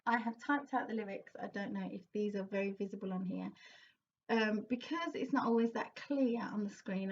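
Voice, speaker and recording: A high-pitched woman coaching singers in an encouraging, explanatory way and now and then singing a line to show it. Her voice is a little far from the mic, and the sound is slightly dull. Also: gravelly, darkish tone. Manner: encouraging, breaks into sung demonstration lines. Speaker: vocal coach. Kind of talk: singing lesson, explaining and demonstrating.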